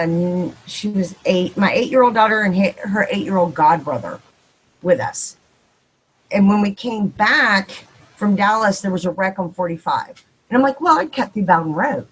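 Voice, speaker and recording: A woman with a Texan accent, probably in her thirties or forties, telling a ghost story on a podcast, quick and animated and acting out the dialogue. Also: medium pitch, breathy edge, low-quality recording. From Texas. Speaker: podcast guest. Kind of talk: casual storytelling.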